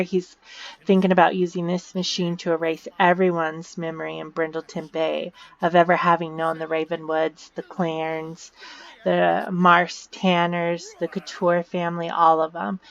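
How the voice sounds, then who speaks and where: A woman casually narrating a game story, explaining events with fillers and repeated words, on a dull lo-fi recording. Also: lowish voice. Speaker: video narrator.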